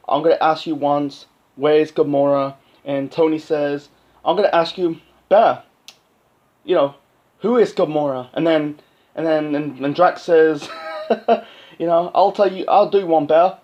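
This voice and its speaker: A man giving a casual, rambling movie review, halting often and filling gaps with "you know". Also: a little high. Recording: dull lo-fi sound.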